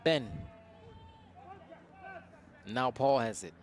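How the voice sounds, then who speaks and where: A man giving casual, opinionated live play-by-play commentary on an amateur soccer match, breaking into excited shouts when a team attacks. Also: mid-range voice, very slow, some chatter behind, slight background noise. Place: outdoors at a soccer field.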